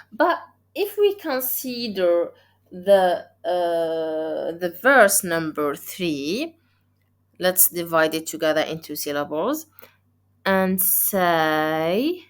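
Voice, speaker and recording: A woman teaching poetry, explaining step by step in a deliberate way and checking in with "okay?". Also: medium pitch, bright, forceful tone. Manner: deliberate, counts syllables aloud, frequent "okay?" checks. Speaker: literature teacher. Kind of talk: explaining poem analysis step by step.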